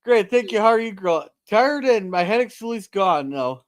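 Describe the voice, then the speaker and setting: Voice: medium pitch, lively intonation, moderate pace, no room sound. A co-host of a casual live-stream chat who jokes crudely, swears freely and reads viewer comments aloud.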